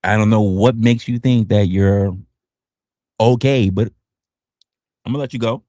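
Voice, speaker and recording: A man's voice: lowish voice, unhurried, mellow, no room sound, clean studio sound. A man hosting a livestream, ranting casually and sarcastically and acting out other people's lines. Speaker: livestream host.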